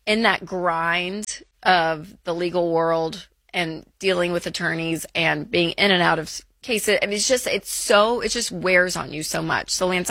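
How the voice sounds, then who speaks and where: A woman's voice: lowish voice, sharp tone, no echo. A woman co-hosting a call-in advice show, chatty and reassuring, with plenty of fillers. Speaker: radio call-in show co-host. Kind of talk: casual advice chat.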